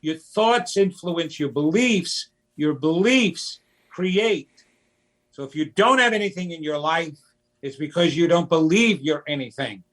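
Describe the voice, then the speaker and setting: A man talking as a guest in an interview, slow and emphatic, sometimes acting out childish voices. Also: fairly high pitch, lively intonation, a bit bright. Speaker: psychic medium guest. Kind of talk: conversational interview.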